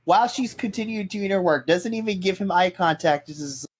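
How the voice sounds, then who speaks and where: A man, a teacher, telling excited stories about his students in casual podcast chat. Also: high-pitched, brisk, husky. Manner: excited storyteller.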